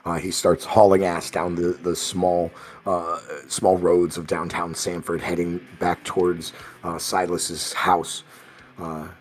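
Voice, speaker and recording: A man narrating as game master of a tabletop role-playing game, describing scenes slowly with frequent fillers. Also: low voice, flat delivery.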